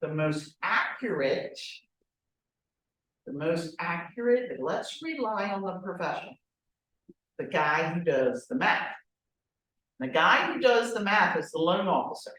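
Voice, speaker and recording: A real estate trainer leads a class in a direct, animated manner, often posing rhetorical questions. Her voice sits on the low side and comes a little slowly, with frequent pauses. She stands well back from the microphone in a very echoey room.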